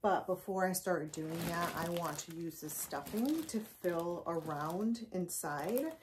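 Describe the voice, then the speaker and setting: Soft-spoken woman crafting at home. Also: on the low side, animated, takes it slowly, slight background noise. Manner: quiet, hushed so as not to wake a napping child; thinking aloud while working with her hands. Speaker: home decor vlogger. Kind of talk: casual crafting narration.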